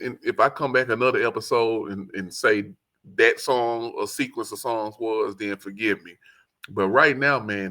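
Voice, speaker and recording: A man with a Southern accent hosts a solo album review in an easy, excitable way. His voice sits a bit low, with a gravelly rasp. He rambles and circles back as he talks. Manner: excitable, rambling, quotes lyrics in song voice. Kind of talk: casual solo commentary.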